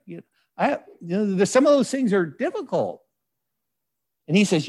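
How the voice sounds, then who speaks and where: A man's voice: a little high, lively intonation, breathy edge. A man preaching a sermon in a conversational, folksy way, with frequent asides and scripture read aloud. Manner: reads scripture aloud in measured voice. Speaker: pastor.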